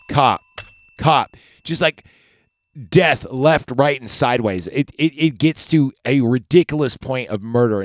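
A man's voice: medium pitch, no room sound. A man hosting a podcast, recapping a movie in a laid-back, chatty way that rambles into digressions and swearing. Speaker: podcast host.

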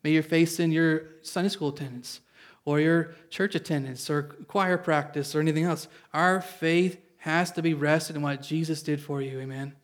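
A preaching man with a slightly high voice delivers an earnest sermon to a church congregation. He reads scripture aloud, explains it in everyday words, and keeps asking his listeners for an amen. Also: fairly even intonation, normal speed. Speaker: pastor.

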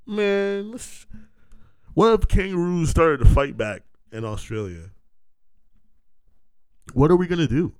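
Guy rambling on his podcast, slow and crisp, dry close sound, swears a lot, cracks himself up. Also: on the high side, dry recording. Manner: animated, profane, riffing with laughs. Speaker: podcast host. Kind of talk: rambling comic monologue.

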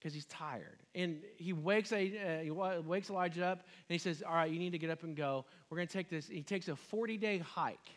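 In a relaxed, conversational sermon, a pastor whose voice is a bit higher than most men's retells scripture in everyday language. He speaks briskly with hardly any pauses, often poses questions to listeners, and acts out quoted speech by dropping low and rising high, over soft background music.

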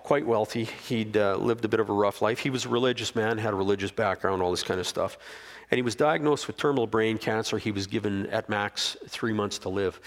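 Man preaching a sermon, storytelling. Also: lowish voice. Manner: storytelling, rising to fervent near-shouting peaks. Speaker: pastor. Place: stage before a congregation.

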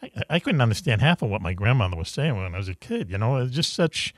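A man hosting a radio talk show in a casual, joking manner, full of fillers and quick laughs. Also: medium pitch, very animated, no room sound, clean studio sound.

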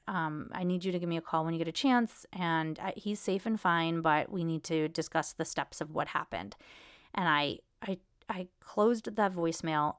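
A woman's voice: fairly low pitch, no echo, clean studio sound. A woman podcast host telling a personal story in an emotional, rambling way, full of restarts and quoted conversations. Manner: emotional, rambling, retelling events.

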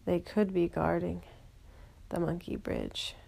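A woman voicing a gentle, slightly fussy male tiger in a bedtime story, sounding surprised and doubtful. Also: fairly low pitch, wildly swooping pitch, takes it slowly, gravelly, heavily acted. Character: gentle male tiger who prefers the ground.

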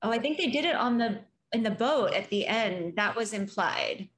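A woman's voice: a little high, lively intonation, moderate pace, a bit bright. A woman co-hosting a film podcast in casual chat, laughing easily and reading out a list. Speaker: podcast co-host.

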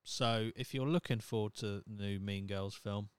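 A man's voice: on the low side, steady tone, moderate pace, clean tone, no echo. A young man hosting a solo podcast, talking in a blunt, sweary, opinionated way. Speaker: podcast host. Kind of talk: casual solo podcast rant.

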